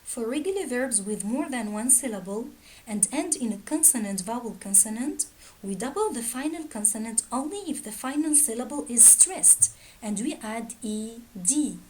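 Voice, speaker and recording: A woman teaching a grammar lesson, reading out word pairs slowly and deliberately. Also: fairly high pitch, expressive, mellow, low-quality recording. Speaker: English teacher.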